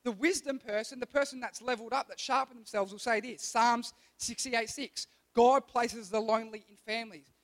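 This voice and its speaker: A man preaches to young people. He speaks quickly and casually and slips into little acted voices for his examples. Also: very high-pitched. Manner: energetic, conversational, acts out quoted voices. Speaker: youth pastor. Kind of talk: sermon.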